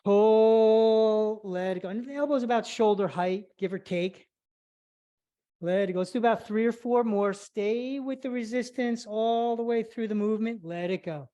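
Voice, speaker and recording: A woman's voice: fairly high pitch, moderate pace, dark tone, highs cut off. Woman cueing a live stretch class. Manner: cueing movements step by step, slightly out of breath. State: slightly out of breath. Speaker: flexibility instructor. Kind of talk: live online exercise class instruction.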